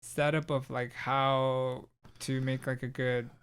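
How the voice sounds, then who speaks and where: A man talks on a podcast in a loose, meandering way, full of fillers and restarts. His voice is smooth and clear. His pitch sits mid-range. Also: flat delivery, slow pace, fairly bright tone. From Southern California. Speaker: podcast co-host. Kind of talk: casual chat.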